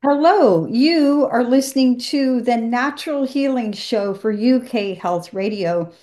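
A woman hosting a health radio show, giving a brisk, upbeat introduction and then interviewing a guest. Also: a little high, dark tone.

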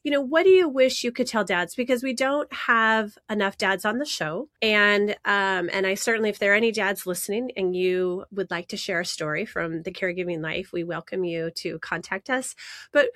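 A woman's voice: mid-range voice, normal speed, a bit bright, no room sound, studio quality. A woman hosting a podcast, asking her guest questions in a casual interview with a hesitant manner. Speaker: podcast host.

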